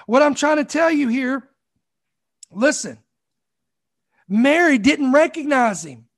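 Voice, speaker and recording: Speaking slowly in a very high voice with lively intonation, a man delivers a fervent sermon. He keeps repeating phrases as he builds, shouting "come on" to the people in the pews.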